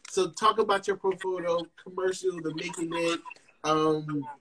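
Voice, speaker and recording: A man's voice: high-pitched, steady tone, normal speed, fairly bright tone, slight background noise, poor audio. A man co-hosting an interview, chatting casually and animatedly, repeating phrases and using slang. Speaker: podcast co-host.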